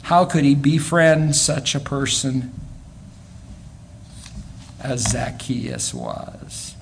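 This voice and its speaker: A man preaching a sermon, animated, swinging between loud exclamations and quiet asides and often repeating words as he goes. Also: medium pitch, drawn-out words, creaky, a little hiss or hum.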